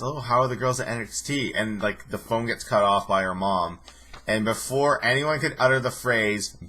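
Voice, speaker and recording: A man's voice: medium pitch, pushed and bright, breathy edge. A young man in his twenties recapping a TV episode in a casual, sarcastic way, often mimicking people. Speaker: show reviewer.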